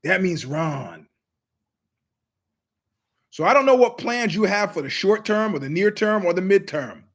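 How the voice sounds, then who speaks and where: A middle-aged man hosting his own show delivers a long, animated monologue story at a measured pace. His voice is high for a man, his delivery emphatic, and he drifts into asides, imitating other people's voices whenever he quotes them.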